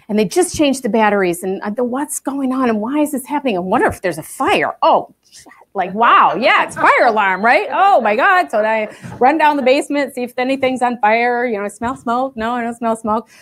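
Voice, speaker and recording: A woman giving a spiritual talk to a group, telling a personal story in a chatty, animated way with many fillers. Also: on the high side. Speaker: guest speaker. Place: spiritual center gathering.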